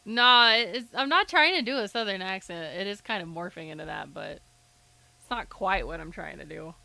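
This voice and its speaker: A woman's voice: mid-range voice, expressive, moderate pace, vocal fry, poor audio. A woman streaming a game live, reading its narration aloud and chatting about her own attempts, over game music. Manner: chatty, self-commenting. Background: loud game music.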